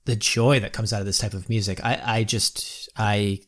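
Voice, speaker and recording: A man with a fairly low voice co-hosting a casual music review chat. He talks eagerly and rambles a little, restarting his phrases as he gushes about songs. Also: little pitch movement, moderate pace, fairly bright tone. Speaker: music show co-host.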